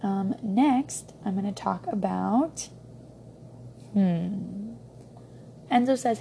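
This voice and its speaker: A woman's voice: mid-range voice, measured pace, vocal fry, mellow, slight background noise. A young woman giving a casual book review, rambling with many ums and restarts.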